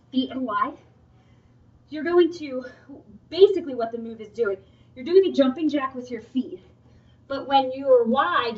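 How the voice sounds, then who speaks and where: With a fairly high voice captured on a distant mic, a young woman sounds muffled as she instructs a workout video. As a fitness instructor, she keeps things chatty and encouraging, stopping now and then to laugh.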